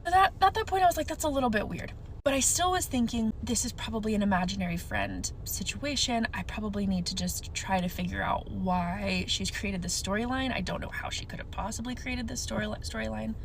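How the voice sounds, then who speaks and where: A woman's voice: medium pitch, fairly quick, creaky. Mom storyteller, conversational, faint hiss behind her voice. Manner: conversational, laughs off her own asides. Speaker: mother telling a story. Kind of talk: casual first-person ghost story.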